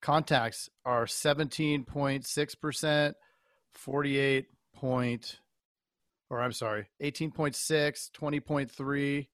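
A man's voice: medium pitch, fairly even intonation, slow, fairly bright tone, dry recording, clean studio sound. Stammering male co-host reading numbers. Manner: thinking aloud, stammers while reading out data. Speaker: podcast co-host. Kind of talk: casual chat.

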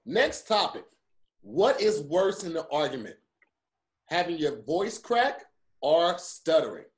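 Brief: male podcast host, high and lively, playful ad-read energy. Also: takes it slowly. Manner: animated, joking, reads ad spots playfully. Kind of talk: casual podcast chat.

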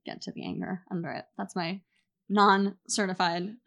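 A woman's voice: medium pitch, steady tone, moderate pace, creaky, fairly bright tone, dull audio. A woman on a panel, thinking aloud with many fillers and some laughter. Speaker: panel guest, author. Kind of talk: casual panel answer.

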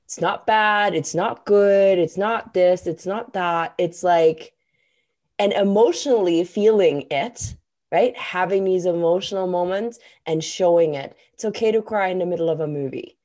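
A woman's voice: lowish voice, a little slow, darkish tone. A woman hosting a casual conversation, talking with enthusiasm and emphasis and swearing now and then. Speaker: podcast host.

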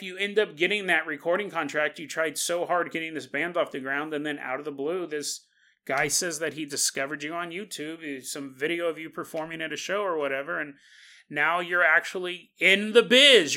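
Bright-voiced, animated podcast host. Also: male voice, fairly high pitch, moderate pace. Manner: animated storyteller who laughs and acts out quotes. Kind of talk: casual solo podcast monologue.

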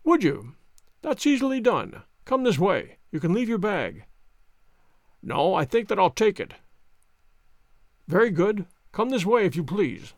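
A man voicing a blunt, hearty veteran police inspector who talks briskly and jovially in a higher, livelier tone. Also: big pitch swings, no room sound, studio quality, full character voice.

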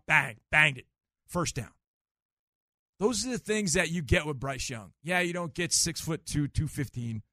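A middle-aged man hosting a sports talk radio call-in show, explaining football plays in an animated, emphatic way. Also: high voice, dry recording, studio quality. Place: radio studio. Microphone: studio microphone.

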